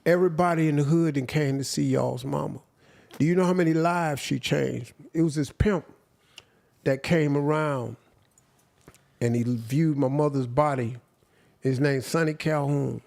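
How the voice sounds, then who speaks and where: Gravelly older guy, aave, slow heartfelt storytelling, gets really quiet at the sad parts. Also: fairly high pitch. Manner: slow, heartfelt, drops to near silence at emotional points. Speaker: interview guest. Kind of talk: emotional storytelling.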